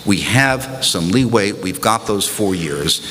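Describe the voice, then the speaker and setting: A man's voice: fairly low pitch, animated, slow pace, a bit bright, slight background noise. A man giving a conference panel speech, emphatic, building rhetorical lists, into a podium microphone. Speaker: panel speaker. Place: large hotel conference hall. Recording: echoey hall, faint ambience.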